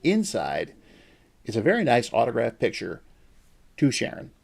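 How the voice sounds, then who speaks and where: A man's voice: medium pitch, huge pitch swings, normal speed, gravelly, slightly rough. A man hosting a podcast, telling casual anecdotes and acting out the voices of people in them. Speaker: podcast host. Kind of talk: casual storytelling chat.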